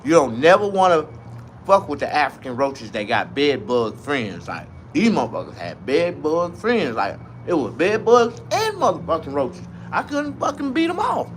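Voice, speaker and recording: A man telling a comic story in a profane, rambling, animated way. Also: a little high, normal speed, a little hiss or hum.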